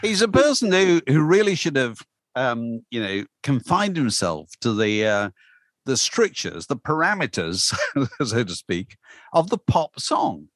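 A man's voice: medium pitch, sing-song, unhurried, fairly bright tone, dry recording. A man chatting casually as co-host, wry and dryly witty. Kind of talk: casual chat.

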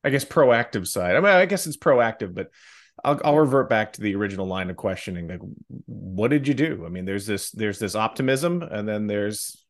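A man with a very low voice hosts an interview podcast. He asks his questions haltingly, stopping and rephrasing them with frequent ums. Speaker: podcast host.

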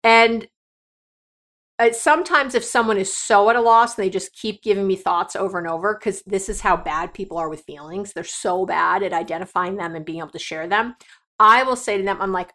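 A woman's voice: mid-range voice, a little fast, a bit bright. A middle-aged woman hosting a solo podcast, talking straight to her listeners in a direct, coaching and emotional way. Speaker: podcast host.

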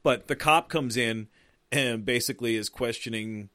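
A man talks through a film with a friend in loose, excited podcast chatter, his voice sitting in an ordinary middle register. The sound is dry and close, with no room around it. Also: mid-range voice, moderate pace, no room sound. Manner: animated, profane, laughs often. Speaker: podcast co-host. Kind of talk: casual movie discussion.

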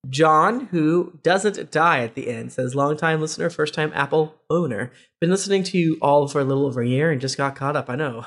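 A man hosting a podcast, reading listener reviews aloud with quick asides and laughter. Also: fairly high pitch, fairly bright tone. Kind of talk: casual podcast chat.

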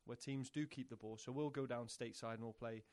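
A man's voice: mid-range voice, fairly even intonation, fast, a little mellow. Male soccer coach explaining his methods. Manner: explanatory, repeats words when thinking. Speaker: soccer coach and technical director, guest. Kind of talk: casual interview chat.

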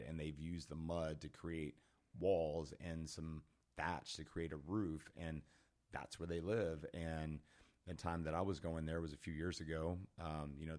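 A man's voice: a bass voice, darkish tone. A man on a podcast as the guest, telling a story animatedly with lots of fillers and laughter. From Texas. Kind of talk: casual storytelling.

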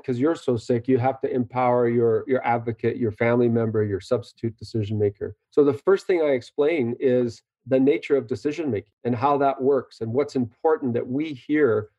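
Earnest, measured man on a dull recording. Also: medium pitch, dark tone, no echo. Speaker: doctor. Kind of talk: interview answers, explaining.

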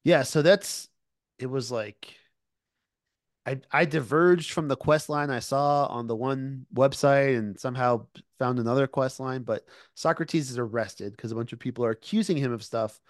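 A man's voice: mid-range voice, normal speed, no room sound. Podcast cohost guy, chatty, lots of you knows and ums, dry mic. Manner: chatty retelling, many fillers. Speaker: podcast co-host. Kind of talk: casual discussion.

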